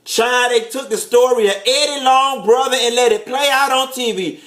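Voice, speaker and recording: Sassy high-voiced man, echoey room. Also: normal speed, fairly bright tone. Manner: flamboyant, sassy, peppered with "honey" and "child". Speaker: show host and TV recapper. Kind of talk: animated gossip recap.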